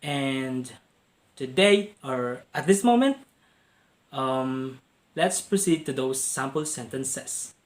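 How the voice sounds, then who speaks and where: A man introducing a lesson on intonation, speaking to his listeners directly in a measured way. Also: mid-range voice, animated. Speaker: student presenter.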